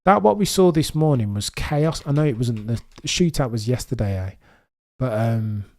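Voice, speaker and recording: A man with a mild Birmingham accent hosts a live watchalong stream. He talks in an excitable, chatty way, speaking straight to his viewers as he commentates. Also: medium pitch. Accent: mild Birmingham English. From Birmingham, England.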